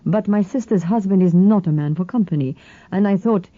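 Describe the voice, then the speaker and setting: A woman voicing a burly, genial Greek man in his late forties who speaks with a Greek accent in a smooth, ingratiating way. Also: mid-range voice, fairly quick, warm tone, no room sound, dull audio, natural voice.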